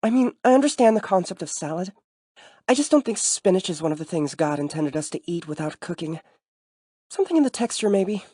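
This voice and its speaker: A man voicing a sharp, guarded young woman lecturer who talks quickly and defensively, as an audiobook character. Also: sits high, lively intonation, no room sound, studio quality, pitched above the performer's own voice. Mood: wry.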